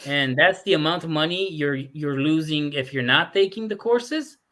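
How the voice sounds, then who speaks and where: A man's voice: a little high, moderate pace, sharp tone. A man with an American accent hosting a casual interview, asking questions and joking between them. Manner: chatty, joking, asks questions. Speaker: host.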